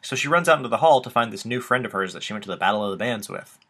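A man's voice: on the low side, animated, very fast, pushed and bright. A young man co-hosting a podcast, chatting casually in a loose way with lots of filler words and the odd swear. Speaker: podcast co-host. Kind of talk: casual recap chat.

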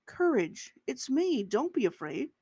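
A calm, comforting male teacher, as a woman reads him aloud, gentle and reassuring even when he reproves. He sounds steady and kind, in a close, dry recording. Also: high-pitched, measured pace, husky, dry recording, voice pushed up, full character voice.

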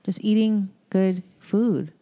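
A woman's voice: mid-range voice, slow, warm tone. A woman guest chatting casually about her fitness habits, laughing often and trailing off with filler words. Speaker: guest, CrossFit member. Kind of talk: casual chat.

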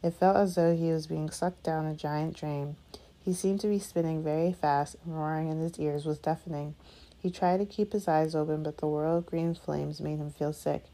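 A woman reading a children's fantasy novel aloud in steady, measured narration. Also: low voice. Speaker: audiobook reader. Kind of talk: scripted narration.

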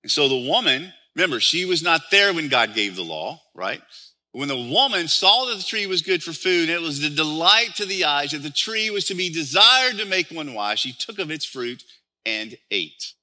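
A man's voice: on the high side, very animated, moderate pace, sharp tone. A man preaching a sermon as pastor, explaining scripture and often turning to the listeners with rhetorical questions.

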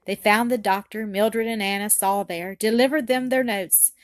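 A woman narrating a classic story as an audiobook, reading in an even, unhurried way. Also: medium pitch, no echo.

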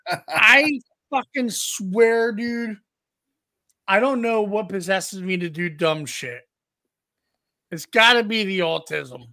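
A man co-hosting a podcast, telling a rambling, profane story in a casual, animated way. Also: sits high, slow, long pauses, no echo. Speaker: podcast co-host.

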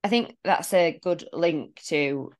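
A woman's voice: fairly low pitch, takes it slowly. A woman co-hosting a podcast as a fitness coach, talking earnestly and reflectively about clients. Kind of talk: casual podcast chat.

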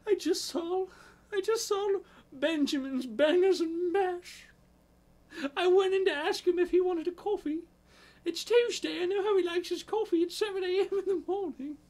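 A man voicing a flustered, melodramatic English girlfriend in a high falsetto with a put-on British accent, in an improvised comedy sketch. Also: moderate pace, darkish tone. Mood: scandalized.

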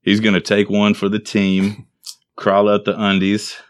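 A man's voice: lowish voice, completely flat delivery, a little slow, no room sound. A man hosting a casual chat with friends, laughing often and pulling the talk back on topic.

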